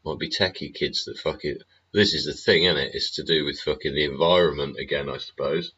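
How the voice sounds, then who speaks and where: Over muffled, lo-fi stream audio, a middle-aged man hosting a livestream swears his way through a rambling monologue, peppering it with tag questions. His rumbling low voice moves fairly quickly, sounding a bit bright with a breathy edge.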